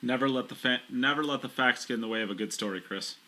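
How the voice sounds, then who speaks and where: A man's voice: mid-range voice, fast talker, crowd noise. A man co-commentating on a pool match, playful and full of banter. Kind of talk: live sports commentary.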